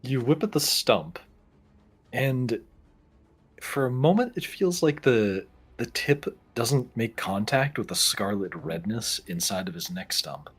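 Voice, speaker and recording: A man's voice: mid-range voice, expressive, a little slow, husky. A man narrating as game master of a tabletop game, describing scenes in a playful, descriptive way.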